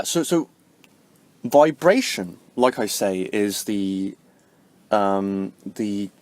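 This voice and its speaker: A man vlogging about spirituality in a casual, rambling way, tagging "right?" onto his points and jumping up in pitch for emphasis. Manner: rambling, heavy use of fillers like "like" and "right?"; swings sharply up in pitch and loudness to stress points. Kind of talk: casual spoken explanation to camera.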